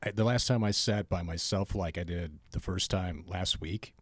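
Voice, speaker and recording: A man hosting a podcast, chatting in a relaxed, reflective way. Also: low voice, moderate pace, husky, no echo. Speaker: podcast host. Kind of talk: casual chat.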